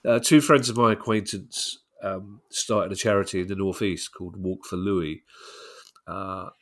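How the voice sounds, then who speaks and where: A man's voice: sits low, flat delivery, unhurried, fairly bright tone. A middle-aged man co-hosting a podcast, bunged up with a cold, talking in a wry, teasing way. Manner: wry, teasing, laughs easily. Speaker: podcast co-host. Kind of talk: casual podcast chat.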